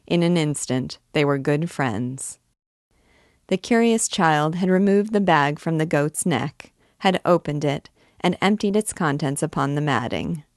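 A woman reading a classic novel aloud in a measured, expressive storytelling manner. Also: low voice, no room sound, studio quality. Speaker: reader.

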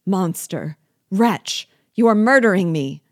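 A woman's voice: lively intonation, slow, no echo, clean studio sound. A woman reading a novel aloud, voicing a terrified man who frantically begs for his life. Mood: terrified pleading. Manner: shrill frantic begging.

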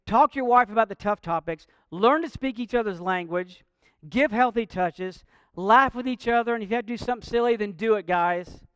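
A man's voice: high-pitched, fairly quick, fairly bright tone, smooth, dry recording. A man preaching a sermon, earnest and direct, mixing light jokes with a call to faith. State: out of breath. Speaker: pastor.

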